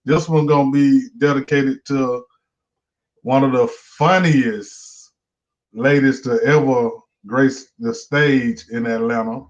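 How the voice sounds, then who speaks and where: Animated Southern comedian host. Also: male voice, mid-range voice, takes it slowly. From Georgia, US. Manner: animated, profane, rambling storyteller. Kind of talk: casual storytelling chat. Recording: muffled lo-fi stream audio.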